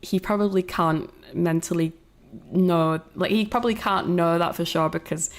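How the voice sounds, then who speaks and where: Brief: a woman streamer, lower-pitched, talking through a film in a loose, rambling way. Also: fairly even intonation, normal speed. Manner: rambling, swearing, laughing. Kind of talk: casual reaction commentary.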